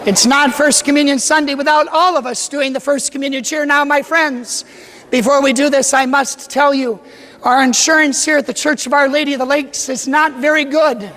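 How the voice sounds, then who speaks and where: Here the parish priest's very high voice sounds bright and forceful, moving at a moderate pace with fairly even intonation. He jokes around while leading the congregation of a large church in a call-and-response cheer, and the recording carries church echo and crowd sound.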